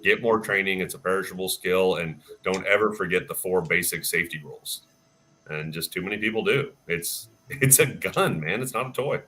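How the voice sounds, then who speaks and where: A firearms instructor tells a story in a casual, animated way and fills it with ums and restarts. His voice sits fairly low but has a bright, forward edge. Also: normal speed. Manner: animated storyteller, many fillers. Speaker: firearms instructor and range staff. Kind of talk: casual storytelling on a live chat.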